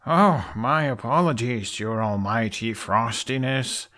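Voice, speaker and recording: A man reading an audiobook, voicing a sarcastic, deadpan young chief. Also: mid-range voice, moderate pace, close to an everyday voice. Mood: dry sarcastic. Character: young male dragon-riding chief, sarcastic.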